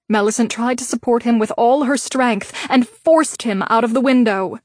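Brief: female audiobook narrator, measured reading, slightly high pitch, dead-dry booth sound. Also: dry recording. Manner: steady, measured storytelling. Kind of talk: scripted narration.

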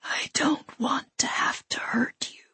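A woman voicing a menacing masked male intruder in a whispered role-play, with soft, calm, coldly courteous threats. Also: takes it slowly, dry recording.

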